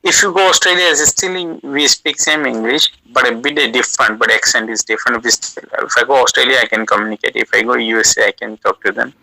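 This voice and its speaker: A man in the United Kingdom whose first language is South Asian speaks as a call guest offering casual language advice, his medium-pitched voice sharp, forceful, and creaky. He proceeds slowly and haltingly, leaning on uh and restarting phrases. The poor recording is dry and close.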